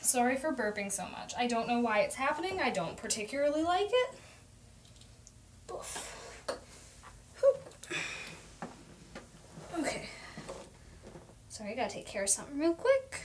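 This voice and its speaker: A young woman from Oklahoma hosting a casual live stream at home, talking fast and rambling chattily. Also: sits high, very animated, a little hiss or hum. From Oklahoma, USA. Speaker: livestream host. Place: at home at her desk.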